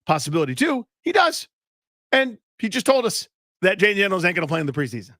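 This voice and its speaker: A man co-hosting sports talk radio, talking excitedly and making pointed, rhetorical arguments. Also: sits high, fast, no echo, clean studio sound.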